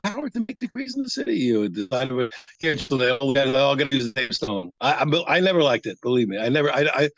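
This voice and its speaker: A man teaching a daf yomi Talmud class, acting out both sides of the argument with halting restarts. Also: medium pitch, very animated, a bit bright, no echo, muffled recording.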